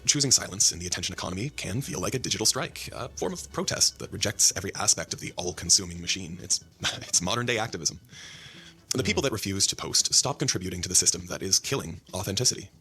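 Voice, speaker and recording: A man narrating a video essay in a measured, scripted delivery. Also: deep voice, animated, bright, forceful tone.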